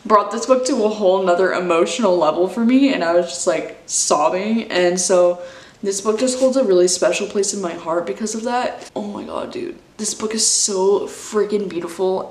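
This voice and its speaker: A woman's voice: medium pitch, moderate pace, echoey room. A woman in her twenties chatting casually as a book vlogger, gushing and emotional, full of "like" and "dude". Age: 20s. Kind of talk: casual chat.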